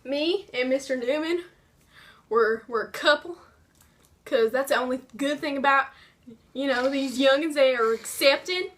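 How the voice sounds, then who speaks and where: A woman's voice: sits high, unhurried, a bit bright. A woman voicing a genderless old Mister Newman who grumbles about eating youngins raw in an improvised comedy sketch, with an old-timer drawl. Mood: grumbling.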